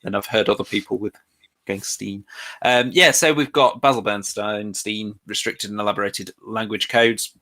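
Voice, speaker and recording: A man's voice: lowish voice, fairly even intonation, moderate pace, pushed and bright. Chatty man giving a revision lesson. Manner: chatty, laughs at own pronunciation doubts. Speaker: revision session presenter. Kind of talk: live online revision lesson.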